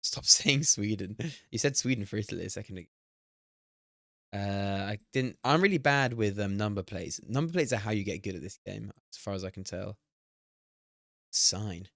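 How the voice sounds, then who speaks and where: Brit guy streaming a game, a bit low-voiced, hyped and sweary, dry close mic. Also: unhurried, vocal fry, long pauses, no room sound. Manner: excitable, swearing, laughing at himself. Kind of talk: live-stream gameplay commentary.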